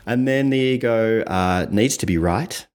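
An Australian communication coach, visiting for an interview, explains ideas step by step in a lowish, clean voice at a slightly slow pace. He often tags lines with "right?" and gets animated when acting out examples.

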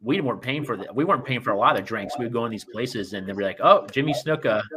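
A man's voice: medium pitch, fast talker, a crowd in the background. A man chatting as a guest, laid-back, profane and rambling. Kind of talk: casual chat.

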